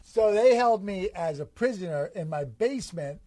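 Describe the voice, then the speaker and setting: Man, high voice, comedy podcast co-host, rambling deadpan tall tale. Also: moderate pace, no room sound. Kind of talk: absurd comedic storytelling.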